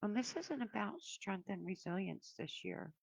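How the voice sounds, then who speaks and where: A woman giving a casual spiritual card reading to her viewers, talking in a meandering, reflective way with many pauses. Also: medium pitch, sing-song, creaky, breathy edge, no room sound, low-quality recording. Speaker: oracle card reader.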